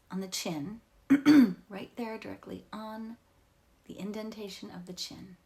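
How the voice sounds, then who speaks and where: A woman coaching someone through emotional tapping in a loose, candid way, at a middle pitch. She swears freely and often sinks to a soft whisper on the repeated phrases. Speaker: EFT tapping instructor. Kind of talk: guided tapping instruction.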